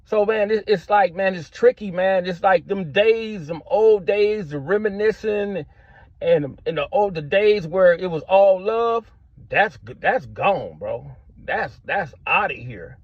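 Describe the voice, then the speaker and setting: A man's voice: high voice, measured pace, no echo. A middle-aged man telling a story in casual street slang, filling his talk with "man" and "bro". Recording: dull lo-fi sound, dry.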